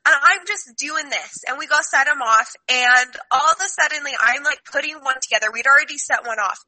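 A woman telling a story in casual chat, giggling and acting out what people said with loud outbursts. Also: high voice, a little fast, dry recording, rough recording. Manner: giggly, acts out quotes loudly. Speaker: guest storyteller.

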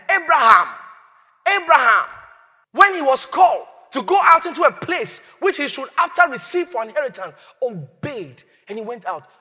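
A man preaching a sermon, animated, shouting and acting out scenes. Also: extremely high pitch, in a large hall. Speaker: pastor. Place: church.

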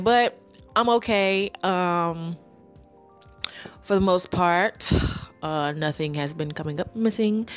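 Slow, low-voiced woman podcaster. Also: a bit bright. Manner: rambling, slangy, with sighs and pauses. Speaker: podcast host. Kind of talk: casual solo podcast monologue.

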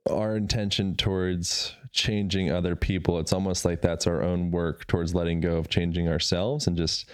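A man's voice: low-pitched, flat delivery, moderate pace, smooth, no room sound, studio quality. A man hosting a podcast, thinking aloud in a reflective, musing way. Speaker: podcast host. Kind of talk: casual interview conversation.

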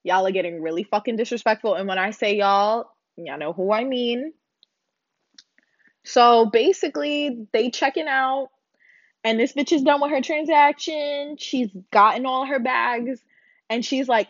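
Loud, profane young woman ranting. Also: a little high, normal speed, no room sound, dull audio. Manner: blunt, loud, profane, animated. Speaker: vlogger. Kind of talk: casual ranting storytime.

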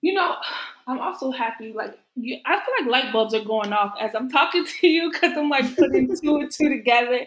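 A young adult woman hosting a casual interview, chatty and animated, laughing often. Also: high-pitched, fairly quick. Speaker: podcast host. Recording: echoey room.

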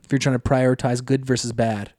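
A man co-hosting a casual podcast, laid-back with deadpan asides. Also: mid-range voice, fast talker, dry recording, clean studio sound. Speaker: podcast co-host. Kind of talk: casual chat.

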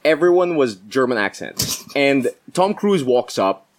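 Animated young man telling a story. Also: mid-range voice, a little slow. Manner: animated storyteller, laughs while talking. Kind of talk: casual chat among friends.

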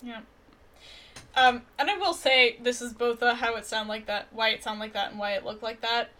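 A woman's voice: a little high, fairly even intonation, pushed and bright. A woman co-hosting a podcast, chatting casually and playfully about a movie. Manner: enthusiastic, quick to agree, playful. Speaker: podcast co-host. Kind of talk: casual film review chat.

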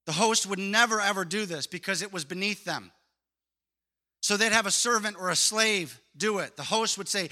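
A man preaching a sermon as a pastor, lively and emphatic, telling stories. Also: high-pitched, moderate pace.

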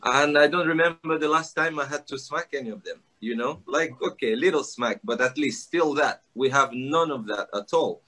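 A man who grew up in Nigeria, chatting casually as a guest with animated, laughing asides. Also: medium pitch, normal speed, few pauses. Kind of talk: casual chat.

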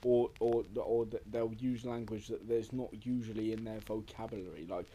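A man's voice: lowish voice, fairly even intonation, normal speed, mellow, a little hiss or hum. A man co-hosting a casual podcast chat, rambling and restarting his sentences, swearing casually. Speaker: podcast co-host.

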